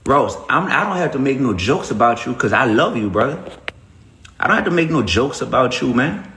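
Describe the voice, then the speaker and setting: A man hosting a casual livestream, speaking in an animated, preachy way and greeting viewers by name as he goes. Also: mid-range voice, moderate pace, roomy sound, a little hiss or hum. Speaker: livestream host.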